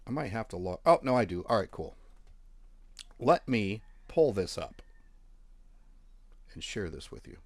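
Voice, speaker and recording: A forex channel host speaks in a lowish, sing-song voice, a little slowly and with frequent pauses; there's no echo. He jokes offhandedly while clicking through charts and accounts in a relaxed screen-share walkthrough.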